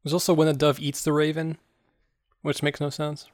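A man's voice: a little high, completely flat delivery, moderate pace. A man casually chatting on a podcast as co-host, with dry jokes.

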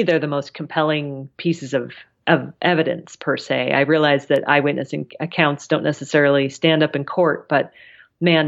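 A woman journalist, a guest on a podcast, explaining her work in a friendly, lively way. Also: low voice, lo-fi sound. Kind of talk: casual interview chat.

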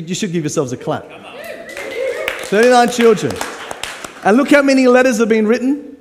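Playful and full of jokes, a man in his 40s coaxes a live congregation while guest-preaching in a church auditorium. He has a high, slightly mellow voice, and the hall gives it a long reverb.

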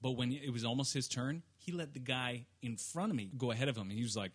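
A man co-hosting a casual podcast, making dry, low-key remarks and telling stories. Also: fast, few pauses. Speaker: podcast co-host. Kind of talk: casual chat.

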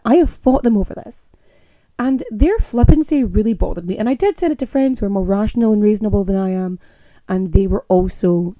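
A woman's voice: mid-range voice, dark tone, no room sound. A young Irish woman podcaster ranting with fiery, sarcastic indignation. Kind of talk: impassioned ranting monologue.

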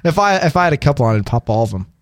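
A man hosting a casual talk show, telling stories in quick, animated banter. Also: medium pitch, no echo. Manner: fast, animated storytelling with laughs. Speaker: host. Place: studio.

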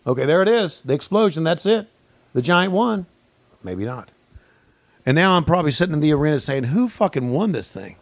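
A man with a gravelly, fry-edged voice riffs through a profane mock play-by-play on a podcast. He drops to low mumbles, then jumps to yelling excitement. The sound is close and dry, with little room. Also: brisk, pauses often, no room sound. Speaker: podcast co-host.

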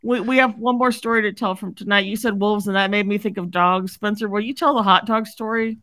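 A woman's voice: mid-range voice, fairly even intonation, brisk, fairly bright tone, no room sound. A woman co-hosting a casual sports chat, asking wry follow-up questions. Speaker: podcast co-host.

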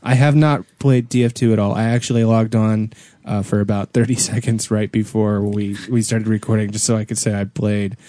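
Man, co-host, wry easygoing banter, warm and mellow tone. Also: fairly low pitch, fairly even intonation, brisk, no room sound. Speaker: podcast co-host. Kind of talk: casual chat.

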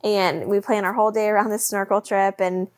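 A young woman co-hosting a podcast, telling a story in a lively, laughing way. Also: mid-range voice, brisk. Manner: animated storytelling with frequent laughs. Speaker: podcast co-host. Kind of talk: casual chat.

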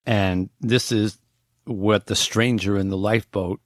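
A man with a lowish voice hosts a casual podcast and walks listeners through a story, sprinkling in ums and restarts as he goes. He sounds close to the mic in a dry, dead room. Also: fairly even intonation, unhurried, no room sound. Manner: conversational storytelling with frequent fillers and restarts. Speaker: podcast host. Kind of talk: casual podcast, retelling a book's plot.

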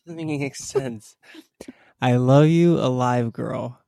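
Slow gravelly man reading dramatically. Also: medium pitch, warm tone, no echo, clean studio sound. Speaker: guest reader.

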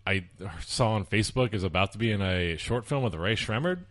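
A man co-hosts a podcast, keeping the casual chat moving with dry, teasing questions. His voice sits on the low side. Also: expressive, brisk, a bit bright. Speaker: podcast co-host.

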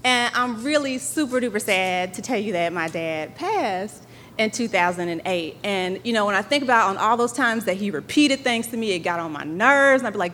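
Woman, live stage storyteller, lively swooping pitch, bright tone, laughs often, audience ambience. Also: a little hiss or hum. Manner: animated, laughing, quick to act out dialogue.

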